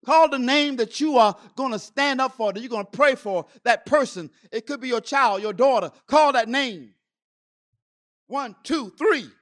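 A man's voice: very high-pitched, moderate pace, fairly bright tone. A middle-aged man preaching a sermon to a congregation with impassioned, repetitive calls. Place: church service.

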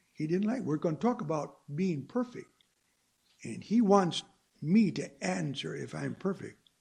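A male preacher delivering a sermon in a slow, deliberate way. His voice is gravelly and a bit husky, and it swells and drops for emphasis while he puts rhetorical questions to the congregation. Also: fairly high pitch, a little mellow.

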